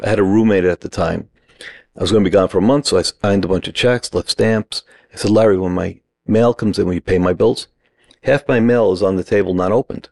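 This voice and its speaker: Deep gravelly man telling a story. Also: fairly quick, dry recording. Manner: animated anecdote, acts out quoted voices. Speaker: acting teacher. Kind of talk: storytelling on a podcast.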